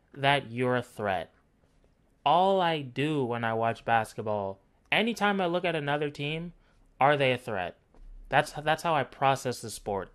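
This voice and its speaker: A man ranting through a basketball game analysis, blunt, profane and sarcastic. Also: fairly high pitch. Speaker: basketball commentary vlogger.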